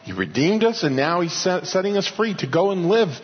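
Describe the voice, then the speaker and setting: A man preaching an expository sermon in earnest, slowing down and rising in pitch to stress key points. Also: big pitch swings, breathy edge. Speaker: pastor. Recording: dull audio with long hall reverb.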